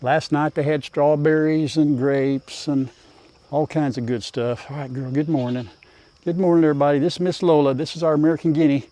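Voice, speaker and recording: A man's voice: a little high, fairly even intonation, brisk, mellow. An older man, chatting casually to viewers and his animals while doing farm chores outdoors. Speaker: farm vlogger.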